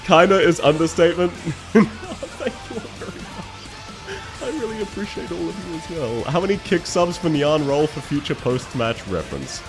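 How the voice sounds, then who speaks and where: Man, young, live-stream chat, animated delivery, faint background music. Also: a little high, normal speed. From Australia. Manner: emotional, laughing between words, thanking chat.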